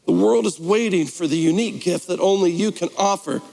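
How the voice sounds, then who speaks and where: Man, pastor, sermon, conversational, gravelly, long church reverb. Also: high-pitched, a little fast, mellow. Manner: conversational, playful preaching with mock voices. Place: church sanctuary.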